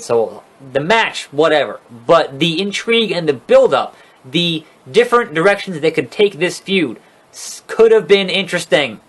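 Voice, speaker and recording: Male reviewer, slightly high voice, loose profane rant, sarcastic and fed up. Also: big pitch swings, moderate pace. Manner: profane, rambling, exasperated sarcasm. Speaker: wrestling show reviewer. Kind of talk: casual recap commentary.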